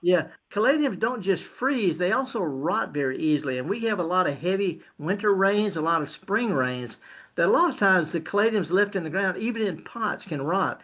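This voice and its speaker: An older man answers gardening questions on the radio in a blunt, down-to-earth way, often stopping and restarting. His voice runs fairly high for a man. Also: animated, normal speed, a bit bright. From Mississippi Delta. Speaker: gardening show host. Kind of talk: casual radio chat.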